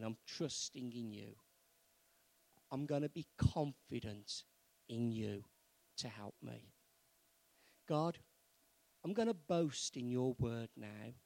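A man preaching a sermon, moving from quiet, earnest pleading to loud, fervent exhortation. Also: medium pitch, gravelly, no room sound, poor audio.

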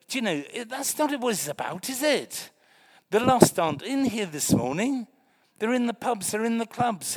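An older man preaching a lively, joking sermon in a church meeting room, swinging between loud exclamations and hushed remarks. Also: fairly high pitch, gravelly.

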